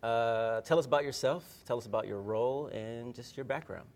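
Energetic male podcast host, mid-pitched, eager interviewer. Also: a little fast, slight background noise. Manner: upbeat, enthusiastic. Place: podcast studio.

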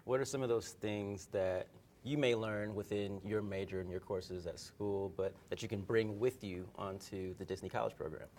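Energetic male podcast host, mid-pitched, eager interviewer. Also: normal speed, a little hiss or hum. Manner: upbeat, enthusiastic. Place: podcast studio.

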